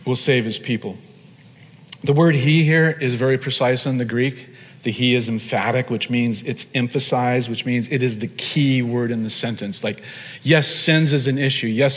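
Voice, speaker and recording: A man preaching a sermon as pastor, animated, stretching key phrases out slowly for emphasis. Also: medium pitch. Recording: long hall reverb.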